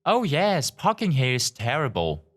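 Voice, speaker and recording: Male narrator putting on a rambling old woman on a scooter, sweet small talk, pitched up high. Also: wildly swooping pitch, unhurried, fairly bright tone, heavily acted. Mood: chatty. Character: chatty elderly woman on a mobility scooter.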